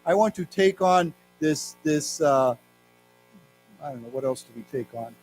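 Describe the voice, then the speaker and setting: A middle-aged man with an American accent teaching an English lesson, explaining words and reading news aloud slowly. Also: a little high, expressive, darkish tone, faint music behind, poor audio. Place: library lecture room.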